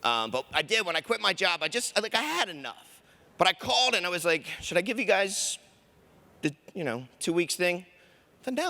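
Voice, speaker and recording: A man's voice: high voice, animated, fast talker, bright, forceful tone. A man doing a stand-up comedy set on a conference stage, chatting with the crowd and acting out quoted voices.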